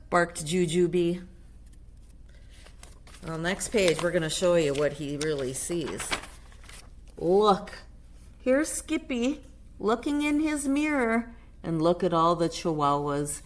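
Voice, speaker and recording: A woman reading a picture book aloud to a child on camera, animated, with chatty whispered asides. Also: on the low side, slow pace, pauses often.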